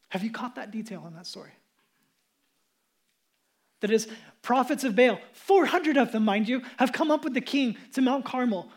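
A male pastor preaching to a mixed congregation of adults and children. He tells the story in a casual, conversational way and becomes animated at the big moments. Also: extremely high pitch, moderate pace, long pauses. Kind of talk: sermon.

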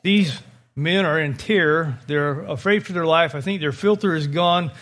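Male pastor, pretty high voice, telling a bible story with lots of life. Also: moderate pace. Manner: vivid, animated storytelling. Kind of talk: sermon.

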